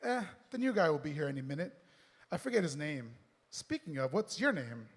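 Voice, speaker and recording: A man voicing a nosy, pushy bus driver who talks in rough slang and scolds, read aloud on stage with a long hall reverb. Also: a little high, very animated, fairly quick.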